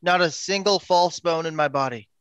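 A man's voice: fairly high pitch, fairly bright tone, clear, resonant tone, dull audio, close to an everyday voice. A man playing a boastful male bard who proclaims himself a legend. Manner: grandiose, drawn-out boasting.

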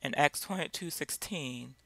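A man's voice: a little high, unhurried, creaky, a bit bright, no echo. Plain-spoken man teaching the Bible. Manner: direct, repeats points with rhetorical questions.

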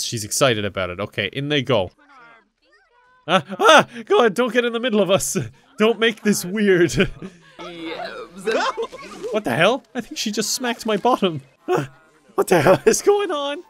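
Brief: young male gaming commentator, slightly high voice, laughs a lot, swears freely, excitable and jokey. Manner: talks to game characters in silly mock voices. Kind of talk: casual gameplay commentary.

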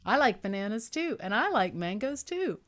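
A middle-aged woman storyteller guiding young children through a simple craft and answering their questions slowly and clearly. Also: medium pitch, sing-song. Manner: warm, patient, slow and clear for young children.

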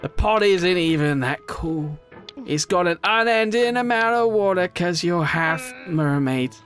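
A young man with a bright, slightly high voice gives raging gameplay commentary. He drops into low, muttered grumbling, then bursts into shouted curses. Faint music plays behind him. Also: animated, unhurried. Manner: swings from low muttering to shouted outbursts, swearing. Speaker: gaming YouTuber.

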